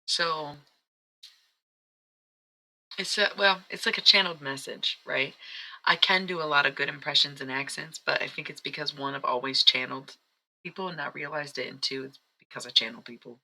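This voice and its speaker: Gravelly, sharp-voiced live-stream psychic. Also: medium pitch, steady tone, moderate pace, low-quality recording. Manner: rambling, chatty, self-interrupting. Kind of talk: casual live-stream chat.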